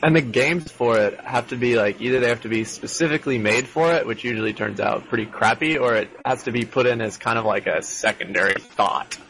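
A man's voice: medium pitch, brisk, gravelly, few pauses, fairly bright tone, a little hiss or hum, low-quality recording. A man chatting casually on a gaming podcast, laid-back and agreeable.

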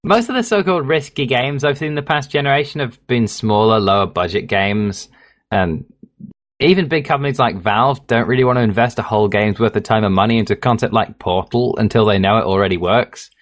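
A man's voice: mid-range voice, a little fast. This is an English man with a Midlands accent and a plain, mid-range voice. He co-hosts a casual podcast and drifts through his points, poking fun at himself as he goes. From England. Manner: rambling, self-mocking, laughs easily. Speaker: podcast co-host.

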